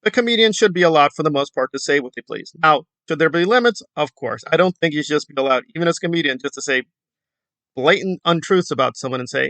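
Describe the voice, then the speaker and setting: A man with a bright, forward voice and a slightly raised pitch talks through commentary in a rambling, hesitant way. His sound is dry and close, with no room around it. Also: quick pace, no echo. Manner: rambling, hesitant, with frequent fillers. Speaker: commentary YouTuber. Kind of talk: casual commentary.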